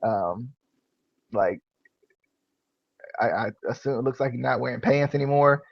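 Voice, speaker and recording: A man's voice: mid-range voice, unhurried, gravelly, dry recording. A man hosting a podcast, chatting casually in a rambling, filler-heavy way and laughing easily. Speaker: podcast host. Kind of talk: casual wrestling review chat. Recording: dull, lo-fi podcast recording.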